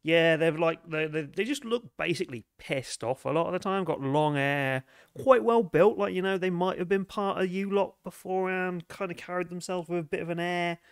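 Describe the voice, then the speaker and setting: A man puts on a surly, foul-mouthed bar dancer in a tabletop game, speaking in a pitched-up, gravelly voice. The dancer grumbles and dodges every question. The sound is dry and close. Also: normal speed, few pauses, no echo. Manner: swears constantly, grumbling and cagey.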